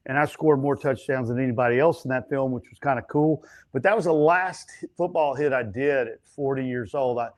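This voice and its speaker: A stuntman and actor telling set stories as an interview guest, animated and chatty, acting out other people's lines. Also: medium pitch, fairly quick, few pauses. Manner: frequent fillers and restarts. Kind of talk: casual storytelling interview.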